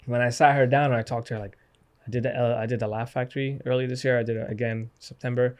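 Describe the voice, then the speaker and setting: Animated young man telling family stories. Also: mid-range voice, fast talker, clear, resonant tone. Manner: animated, acts out his parents' voices. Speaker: guest comedian. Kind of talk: casual podcast storytelling.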